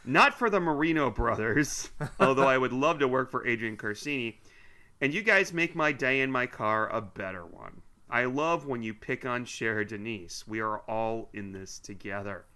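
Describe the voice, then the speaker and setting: A man's voice: mid-range voice, lively intonation, unhurried, pushed and bright. A man co-hosting a podcast, chatting casually and teasingly as he reads listener mail aloud with asides. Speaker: podcast co-host.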